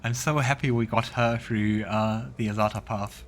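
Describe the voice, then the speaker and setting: A man's voice: lowish voice, steady tone, normal speed, few pauses. A man hosting a voiced let's play, reading game text aloud and adding reflective asides. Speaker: let's play host and narrator.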